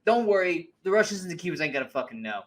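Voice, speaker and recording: A man co-hosting a movie review podcast, chatting casually in an animated, profane way and acting out scenes in mocking voices. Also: sits high, fast. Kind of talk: casual chat.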